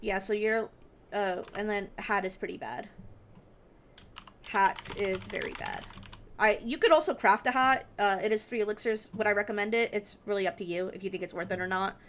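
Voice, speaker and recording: A woman's voice: mid-range voice, steady tone, moderate pace, a bit bright, slight background noise. A young woman streamer giving casual game advice, thinking aloud with lots of fillers. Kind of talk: casual game guide commentary on a live stream. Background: background music and keyboard typing.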